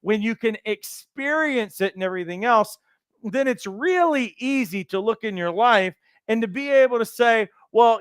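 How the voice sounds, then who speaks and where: A man giving an animated motivational teaching talk as a life coach trainer, acting out the voices he quotes. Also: sits high, smooth, no room sound, clean studio sound.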